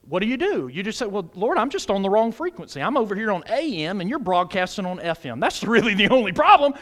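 A man preaching a sermon as pastor of a church, loud and emphatic, using humor and questions to the congregation. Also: big pitch swings, fast talker, hardly any pauses. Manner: loud, emphatic preaching with big pitch swings. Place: church sanctuary.

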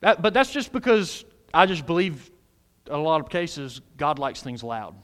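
A man preaching a sermon as pastor of a church, loud and emphatic, using humor and questions to the congregation. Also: big pitch swings, normal speed. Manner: loud, emphatic preaching with big pitch swings. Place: church sanctuary.

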